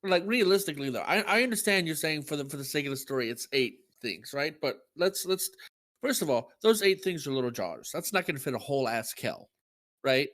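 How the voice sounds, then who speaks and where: A man chatting on a gaming podcast, his voice a touch high and swinging widely in pitch. He tells stories with big animated energy and laughs often. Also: a little fast. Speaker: podcast co-host. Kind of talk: casual chat.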